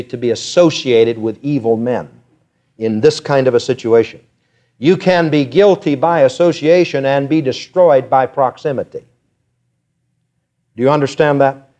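Man, preacher, sermon, fairly high voice, hushed lows and soaring peaks, muffled lo-fi recording. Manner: reads scripture in King James wording, then explains it in folksy asides; swings from hushed low tones to soaring emotional peaks.

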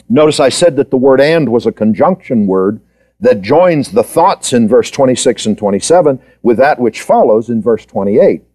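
A man's voice: mid-range voice, warm tone, slightly rough. A man giving a Bible study lecture, quizzing his students and repeating key points for emphasis. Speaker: Bible teacher.

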